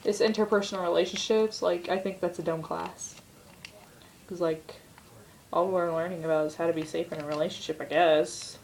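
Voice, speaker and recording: A teenage girl tells a rambling story to her camera at home and fills her sentences with "like". Her voice sits a little low for a girl. Faint noise hums in the background. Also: steady tone, normal speed, vocal fry, darkish tone, poor audio. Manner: chatty, rambling retelling full of "like". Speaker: vlogger. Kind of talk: casual storytelling vlog.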